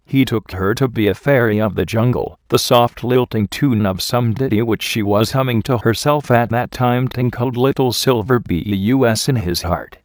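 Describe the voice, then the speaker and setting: A man narrating a folk tale in a measured, even storytelling manner. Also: medium pitch, dry recording, studio quality. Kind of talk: storybook reading.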